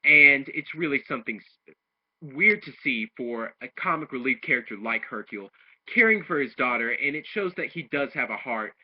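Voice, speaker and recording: A man with an expressive, medium-pitched voice at normal speed recaps and reviews an anime episode casually. He meanders through the plot with restarts and acts out the quotes, all on a dull lo-fi recording from home.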